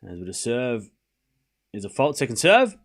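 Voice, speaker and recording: A man's voice: medium pitch, sing-song, moderate pace, fairly bright tone. A man hosting a live tennis watchalong stream, rambling casually with lots of "you know" and restarts. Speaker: host.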